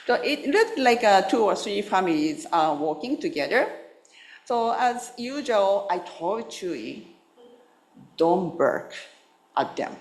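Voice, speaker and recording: A woman Buddhist minister giving a gentle, unhurried dharma talk, telling a story with pauses and small fillers. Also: mid-range voice, sing-song. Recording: roomy hall sound.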